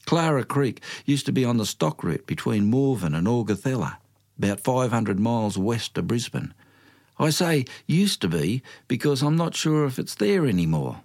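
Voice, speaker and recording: A man's voice: mid-range voice, sing-song, moderate pace, darkish tone. An older man with an Australian accent telling a folksy bush yarn, with slang and dramatic asides. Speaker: storyteller.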